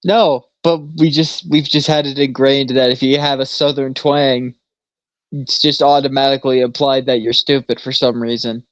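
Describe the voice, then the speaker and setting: A man's voice: mid-range voice, steady tone, normal speed, dry recording. A man co-hosting a casual podcast, telling rambling stories full of fillers and swearing. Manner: rambling storyteller, swears freely, lots of fillers. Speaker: podcast co-host. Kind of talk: casual chat. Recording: dull lo-fi sound.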